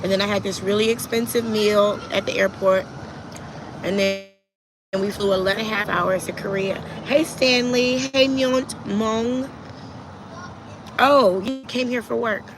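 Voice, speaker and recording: Woman host of a casual live stream, chatty, mid-pitched, answers her chat. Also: steady tone, a little slow, noisy background. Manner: chatty, reads viewer comments aloud and answers them. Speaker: livestream host.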